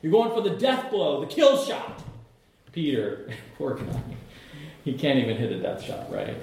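A middle-aged man preaching a sermon, telling the story in an animated way, with humor and asides to the congregation. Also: on the high side, measured pace. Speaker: pastor. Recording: echoey church hall.

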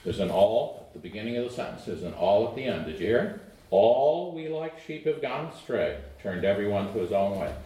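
Middle aged guy preaching, earnest, goes loud then hushed, sounds far from the mic in an echoey room. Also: animated, brisk. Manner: earnest, swings from emphatic to hushed and low. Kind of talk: sermon. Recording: roomy echo, voice off-mic.

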